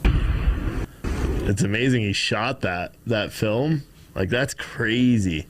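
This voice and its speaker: A man's voice: fairly low pitch, extremely slow. A man from the United States hosting a live stream, giving loose, casual commentary and talking to his chat.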